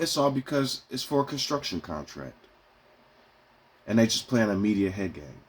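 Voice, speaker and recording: A man venting casually to his viewers in a profane, rambling way, swinging between heated outbursts and quieter musings. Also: fairly low pitch, very animated, moderate pace, long pauses, husky. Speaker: vlogger. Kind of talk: casual rant to camera.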